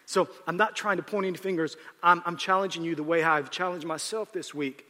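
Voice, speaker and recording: A male pastor preaching a sermon, swinging from loud, emphatic outbursts to quiet, confiding asides. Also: high voice, fairly even intonation, a little fast, in a large hall.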